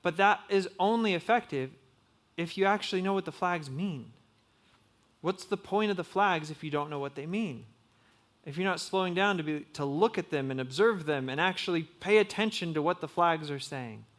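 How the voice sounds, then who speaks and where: A man's voice: on the high side, moderate pace, fairly bright tone. A young man giving a casual, conversational sermon to young adults, full of "like" and "um" fillers.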